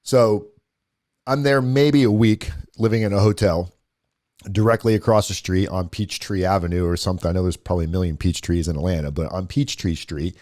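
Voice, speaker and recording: Guy with a lowish voice, guest on a show, telling a story casually and quoting people. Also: fairly even intonation, fairly quick, darkish tone. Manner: conversational, quotes others in the retelling, frequent restarts.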